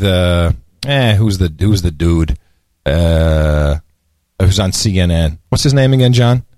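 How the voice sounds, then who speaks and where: A man hosting a podcast in casual chat, animated and mocking, often slipping into sarcastic voices. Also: fairly low pitch, no echo, studio quality. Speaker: podcast host.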